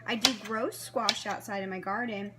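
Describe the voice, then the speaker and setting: A woman's voice: mid-range voice, fairly even intonation, moderate pace, very noisy. Woman rambling thru a recipe while chopping, pans clattering in the background. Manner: chatty, thinking aloud while chopping. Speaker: home cook. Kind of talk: casual cooking vlog narration. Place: home kitchen. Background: clatter of knives, dishes and pans.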